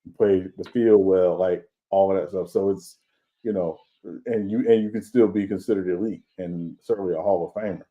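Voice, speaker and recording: Deep-voiced man talking sports. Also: steady tone, normal speed, narrow, tinny audio. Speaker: podcast co-host. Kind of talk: casual sports talk.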